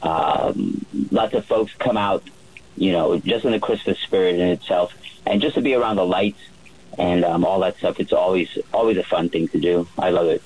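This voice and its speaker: Casting: husky, low male radio guest, easygoing raconteur full of "um"s. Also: normal speed, low-quality recording. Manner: relaxed storyteller with many fillers and restarts. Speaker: yacht chef. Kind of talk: storytelling on a radio call-in.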